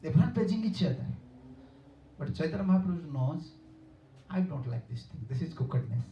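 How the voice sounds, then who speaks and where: A man's voice: on the high side, big pitch swings, brisk, mellow, a little hiss or hum. Distant, echoey man giving a spiritual lecture. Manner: earnest, repetitive, chuckling storyteller. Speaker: spiritual teacher. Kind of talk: devotional lecture. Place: lecture hall with listeners. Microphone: room mic, far off. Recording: distant, roomy, dull hall recording.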